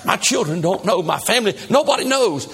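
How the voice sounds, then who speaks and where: A distraught woman who is weeping with guilt and fear, as a male preacher voices her. The voice is husky and sits fairly high. It comes from a story told in a sermon. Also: animated, fairly quick, fairly bright tone, full character voice. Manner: distraught, pleading.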